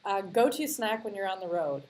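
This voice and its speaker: A woman's voice: medium pitch, animated, normal speed, darkish tone, poor audio. Woman interviewer, playful, lots of little laughs, bouncy intonation, faint hiss behind. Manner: playful, laughs often between questions. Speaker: interview host. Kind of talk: quick-fire interview questions.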